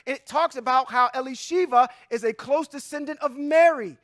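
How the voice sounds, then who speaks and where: This is a clean, dry studio recording of a very high-pitched man speaking at normal speed. He teaches scripture to a congregation sermon-style, reading and breaking down verses with emphatic, preacherly energy and shifts between loudness and quiet asides.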